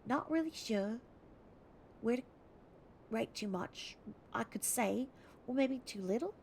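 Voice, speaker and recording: A warm-hearted Australian woman in her thirties reads her own letter to a stranger, a woman putting on the accent. Her voice is earnest and heartfelt, with a mid-pitched, heavily gravelly texture. Faint noise sits behind her. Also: animated, slow, heavily acted. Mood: earnest, kind. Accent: put-on Australian.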